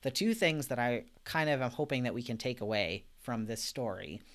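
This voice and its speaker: Man, Bible study leader, live stream, casual conversational talk, gentle, reflective, soft laughs. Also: medium pitch, animated, moderate pace. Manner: gentle, reflective, reads out viewer comments.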